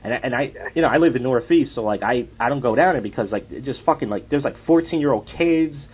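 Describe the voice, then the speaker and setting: A young man hosts a casual podcast, rambling through profane stories. He talks fast in a husky voice. The audio is dull and lo-fi. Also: mid-range voice. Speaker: podcast host and comedian.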